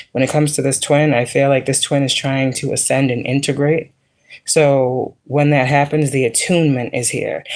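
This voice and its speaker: A woman's voice: extremely low pitch, a little mellow. Profane, joking spiritual reader woman. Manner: blunt, profane, joking asides. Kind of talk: casual spiritual reading.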